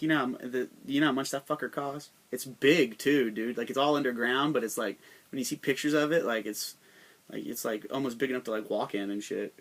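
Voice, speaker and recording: A man's voice: medium pitch, a bit bright. A young American man hosting his own podcast, talking in a profane, rambling, joking monologue full of slang. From United States. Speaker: podcast host.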